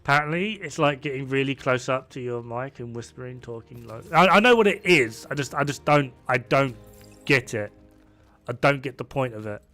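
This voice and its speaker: A man's voice: mid-range voice, moderate pace, sharp tone, faint music behind. A man chatting casually while he plays a game, rambling and laughing often. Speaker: gaming streamer. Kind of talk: casual chat while gaming.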